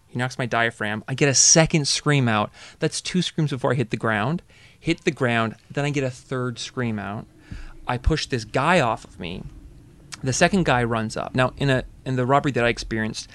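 Gravelly man telling a story. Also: mid-range voice, no room sound. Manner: animated storytelling, acting out voices. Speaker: storyteller guest. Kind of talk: casual chat.

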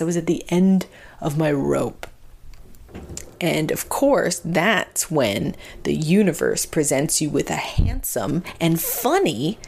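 A young adult woman from Canada, a podcast host telling a funny personal story in an animated, self-mocking way. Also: low voice, creaky, slightly rough. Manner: animated, self-mocking, acts out both sides of the talk.

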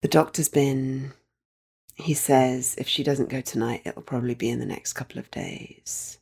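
A woman voicing her middle-aged mother, who talks in a flat, dry, patient way, quietly. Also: extremely low pitch, moderate pace, vocal fry, husky, pitched below the performer's own voice, full character voice. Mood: somber.

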